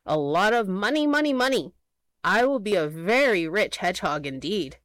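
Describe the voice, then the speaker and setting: A woman voicing a sly, greedy little male hedgehog painter with a squeaky voice, in a storybook reading. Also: animated, normal speed, dry recording, lightly acted. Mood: gloating. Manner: sly, scheming.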